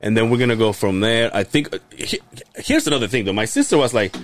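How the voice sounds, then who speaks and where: A young man co-hosting a casual podcast, telling a family story in an animated way, acting out his relatives' voices and swearing freely. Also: mid-range voice, fast talker. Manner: laughs hard and often. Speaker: podcast co-host.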